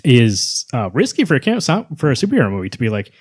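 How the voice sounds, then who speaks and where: A man's voice: mid-range voice, breathy edge, no echo, clean studio sound. A man co-hosting a podcast, chatting casually about comic book movies and acting out quotes. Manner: rapid, animated, acts out quotes. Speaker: podcast co-host.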